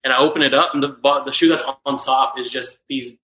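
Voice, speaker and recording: Quick, bright-voiced male podcast guest. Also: mid-range voice, fairly even intonation, echoey room, rough recording. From Texas, USA. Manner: quick, storytelling, filler-heavy. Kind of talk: casual podcast chat.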